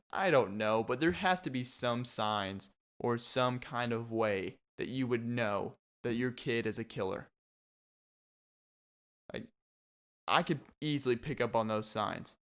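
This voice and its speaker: Young male podcast host, mid-range pitch and smooth tone, sarcastic rambling monologue with frequent laughs. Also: takes it slowly, pauses often, a bit bright. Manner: sarcastic, laughs often, mocking asides.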